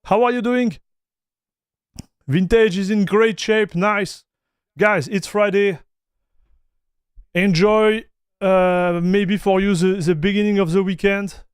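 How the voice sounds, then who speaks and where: A man with a French accent hosts a relaxed livestream, greeting his chat by name and tossing in bits of French and Spanish. His voice sits high and clean. He takes his time, and the sound is close and dry. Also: takes it slowly, long pauses, smooth, dry recording. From North America. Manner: chatty, greets viewers by name, mixes in French and Spanish phrases, laughs often. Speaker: streamer reviewing Linux gaming.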